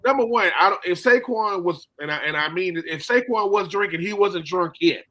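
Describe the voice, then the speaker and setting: A man hosting a casual sports chat, telling animated stories and acting out quotes in slangy talk. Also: high voice, normal speed. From Philadelphia. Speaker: podcast host.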